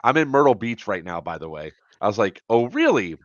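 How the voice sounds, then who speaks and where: A man with a low, fairly deep voice, talking loosely and animatedly as a podcast host. He tells a long travel anecdote in a chatty, unpolished way. The sound is dry and dull, like lo-fi podcast audio. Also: a little fast, no room sound. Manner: animated storyteller, swears when annoyed. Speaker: podcast host and airsoft event organizer. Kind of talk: casual storytelling chat.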